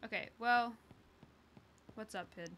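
A woman's voice: fairly high pitch, slow, background noise. A woman streamer chatting through a game, swearing freely and poking fun at herself. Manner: chatty, sweary, self-mocking. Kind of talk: casual gameplay commentary.

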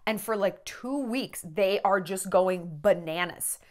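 A woman's voice: medium pitch, slow pace. A woman talking in a candid, rambling vlog monologue, profane and emotional, tearful at times. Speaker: celebrity gossip vlogger.

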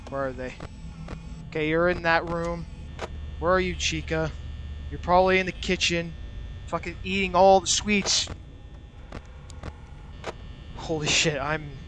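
A gaming channel host, a young man with a fairly high, pushed and bright voice, does a nervous let's-play of a horror game. Talking nonstop to manage his fear, he swears and mutters through a mask over his mouth, with slight background noise in the recording.

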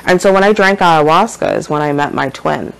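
A woman's voice: sits low, fairly quick, gravelly, clean tone, poor audio. Earnest rambling woman teaching spiritual ideas. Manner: rambling, earnest, checks in with "okay?" and "right?". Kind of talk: casual spiritual monologue.

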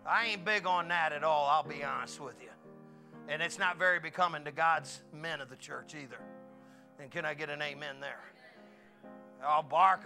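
A middle-aged man preaching a folksy sermon, swinging from quiet asides to loud exclamations. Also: fairly high pitch, moderate pace, gravelly, soft background music. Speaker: pastor.

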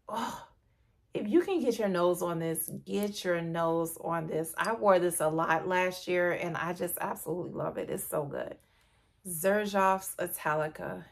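A woman with a slightly low voice talks through a casual perfume review vlog. She is chatty and gushing, and speaks directly to her viewers like friends. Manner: gushing, chatty, addresses viewers as "you guys". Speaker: beauty vlogger.

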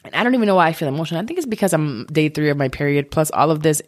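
A woman's voice: sits low, very fast. A woman in her thirties hosting a podcast alone, talking candidly and emotionally about her struggles with frank swearing, from her home office. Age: 30s. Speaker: podcast host. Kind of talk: candid solo podcast monologue.

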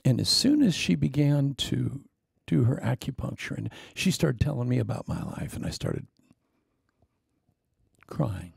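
A middle-aged man preaching a sermon, telling stories in an animated way. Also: medium pitch, a little slow, gravelly, pauses often, slightly rough, no room sound, studio quality.

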